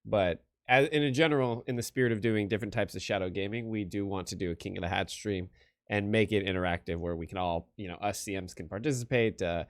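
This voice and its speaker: Low-voiced man answering viewer questions. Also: fast. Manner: relaxed, laughs easily, explains plainly. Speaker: community manager. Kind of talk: casual livestream chat.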